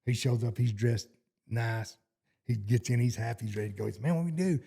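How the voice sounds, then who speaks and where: A gravelly, husky Texan man in middle age spins a folksy yarn. His voice sits low and dark, and he rambles, often breaking off and restarting his sentences as he tells the story. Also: level tone, a little fast. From Texas. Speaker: horseshoer guest. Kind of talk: casual storytelling interview.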